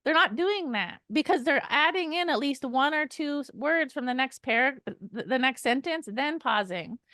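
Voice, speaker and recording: A woman coaching a sales team in an energetic, emphatic way, acting out sample call lines. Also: high voice, normal speed, no room sound. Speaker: sales trainer.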